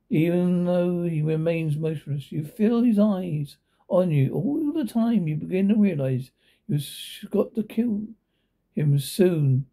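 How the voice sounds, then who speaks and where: A man reads a hard-boiled horror story in the second person, now and then stumbling over his words. His voice is dark and husky, and his pitch moves freely. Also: lively intonation, unhurried.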